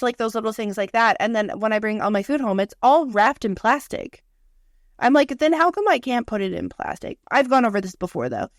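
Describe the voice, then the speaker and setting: A woman's voice: medium pitch, no room sound. Profane storytelling woman, dry sound. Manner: candid, profane, animated storytelling. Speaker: podcast co-host. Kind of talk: casual chat.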